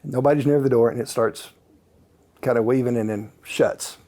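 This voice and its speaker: A man, a guest author and paranormal researcher, telling stories in a calm, casual way with many fillers. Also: medium pitch, normal speed. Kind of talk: relaxed anecdotal storytelling.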